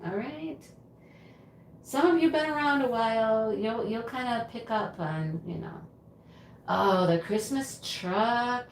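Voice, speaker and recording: A woman's voice: fairly high pitch, slow pace. Chatty woman livestreaming from a roomy room. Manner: chatty, reads and answers comments aloud. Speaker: livestream host. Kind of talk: casual livestream chat with viewers. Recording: roomy home recording with faint ambient noise.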